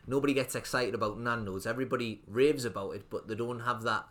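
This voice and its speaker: A man's voice: medium pitch, quick pace, fairly bright tone. A young man, a restaurant owner telling his story in a casual interview, rambling with lots of fillers and restarts. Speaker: restaurant owner, podcast guest.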